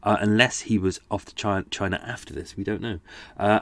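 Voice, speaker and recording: Chatty man, low voice. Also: steady tone, fairly quick, creaky, a bit bright, no echo. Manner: chatty, jokey, rambling asides. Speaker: true-crime podcast host. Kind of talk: casual chat.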